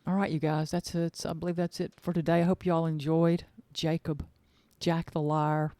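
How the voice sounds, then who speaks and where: A woman's voice: low-pitched, little pitch movement, normal speed, mellow, no room sound. A woman hosting her own podcast as an author, chatting casually in a gushing, rambling way and repeating words for emphasis. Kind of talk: casual chat.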